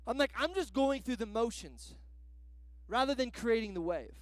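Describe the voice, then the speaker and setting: A guest pastor, a man, preaches in a loose, conversational way, leaning on slang and "like" fillers. His voice sits very high and moves around a lot in pitch. The sound is dry and close, with little room in it. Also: animated, normal speed, no room sound. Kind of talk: sermon.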